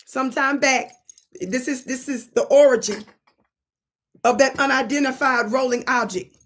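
A woman hosting her own channel, an animated and preachy storyteller who plays with words in a commentary monologue. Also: sits high, moderate pace. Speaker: channel host.

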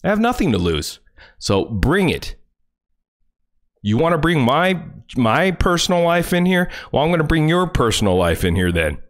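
A man's voice: fairly high pitch, very animated, moderate pace. A man livestreaming, ranting furiously and confrontationally, full of profanity. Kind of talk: angry livestream rant.

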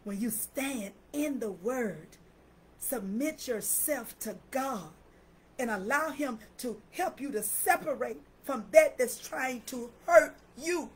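A woman's voice: high-pitched, lively intonation, slow, breathy edge, rough recording. An older woman minister preaching and praying with fervent, repetitive declarations, often breaking into laughter. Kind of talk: live-streamed preaching and prayer.

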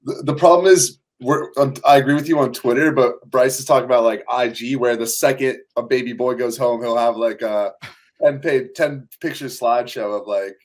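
A man's voice: medium pitch, steady tone, moderate pace. A man guest on a casual podcast, joking and laughing as he talks.

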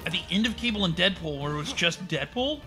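A man casually chatting while playing a video game, rambling and excitable, swearing now and then. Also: high-pitched, quick pace, over music. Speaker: let's play co-host. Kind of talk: casual gaming chat.

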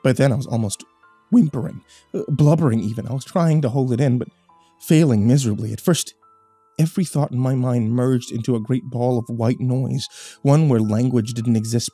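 A man's voice: mid-range voice, moderate pace, dark tone, slightly rough, no room sound, soft background music. A man narrating a first-person horror story in a tense, dramatic reading.

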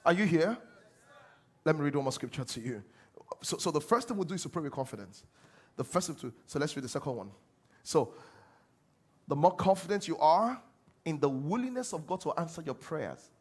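A man with a Nigerian accent preaching a sermon as pastor, animated, dropping low to mimic prayers and rising loud to exhort. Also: brisk, pauses often, breathy edge.

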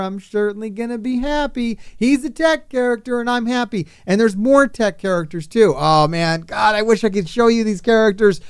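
A man giving casual commentary on a mobile game update, ranting excitedly and with exasperation. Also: sits high, smooth, dry recording, studio quality. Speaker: gaming YouTuber.

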